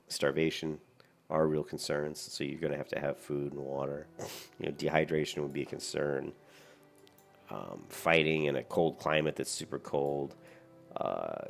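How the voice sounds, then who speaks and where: A deep-voiced, gravelly man gives casual gameplay commentary, sleepy and very tired, yawning as he goes. He rambles, with many fillers and restarts.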